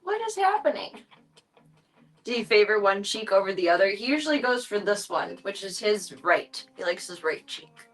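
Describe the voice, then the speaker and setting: A woman streams casually from her home, talking in a playful, cooing baby voice to her cats. Her pitch sits in an ordinary middle range. Faint music plays softly underneath. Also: moderate pace, few pauses, rough recording. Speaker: livestreamer. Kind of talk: casual livestream chat.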